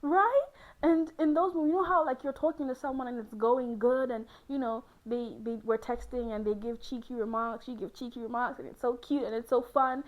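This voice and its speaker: A young woman chatting casually to camera as a host, lively and laughing often, jumping into high squealing exclaims. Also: fairly quick, hardly any pauses, poor audio. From Ghana.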